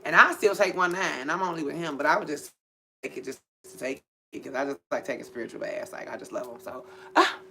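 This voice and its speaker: A woman reading for viewers, talking about spiritual topics in a blunt, profane, animated way. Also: sits low, quick pace, a little hiss or hum. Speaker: spiritual reader and channel host. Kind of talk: casual spiritual chat.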